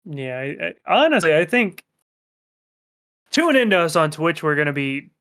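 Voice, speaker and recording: A young man with a Midwestern American accent, co-hosting a podcast with loud, joking banter. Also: fairly high pitch, sing-song, moderate pace. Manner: joking, rowdy banter with frequent laughs. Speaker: podcast host. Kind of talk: casual chat.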